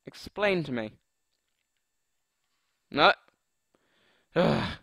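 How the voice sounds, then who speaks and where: Young guy muttering thru a shooter match, slow and unhurried, dry close mic, jokey and fed up with the other players. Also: on the high side, animated, creaky, pushed and bright, breathy edge, no echo. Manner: joking, muttering, exasperated at opponents. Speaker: gaming commentator. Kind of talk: live gameplay commentary.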